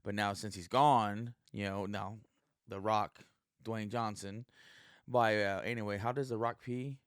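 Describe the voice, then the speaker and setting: A man's voice: lowish voice, steady tone, a little slow, smooth, no room sound, studio quality. A man hosting his own podcast, a stand-up comic rambling casually and profanely with lots of fillers. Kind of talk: casual solo podcast monologue.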